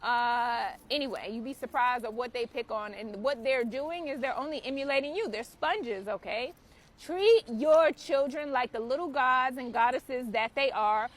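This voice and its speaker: A woman's voice: on the high side, normal speed. A woman hosting her own spiritual channel, giving an impassioned, preachy talk to camera and swearing freely. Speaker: spiritual author and channel host.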